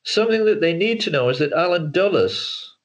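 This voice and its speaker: A man's voice: a little high, lively intonation, a little fast. A male author and filmmaker talking as an interview guest over a video call, hesitant, with frequent repeated words and restarts. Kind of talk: casual interview talk. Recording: dull lo-fi call audio.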